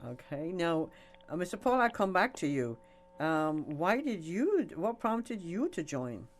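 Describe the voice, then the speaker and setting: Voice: medium pitch, very animated, unhurried. A radio host interviewing guests, prompting each with questions. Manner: prompting questions, brief responses.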